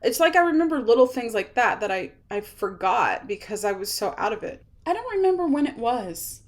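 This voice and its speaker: Woman in her thirties, slightly high voice, tells a personal story to camera in a halting, rambling way. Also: big pitch swings. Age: 30s. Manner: rambling, halting, with many fillers and restarts. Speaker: vlogger sharing her illness story.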